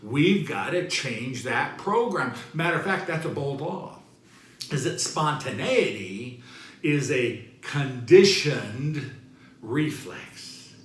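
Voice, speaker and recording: A man giving a motivational talk in a lively, swinging voice. He takes his time and leans hard on the repeated key phrases. A roomy echo surrounds him. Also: medium pitch, slow. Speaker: motivational speaker.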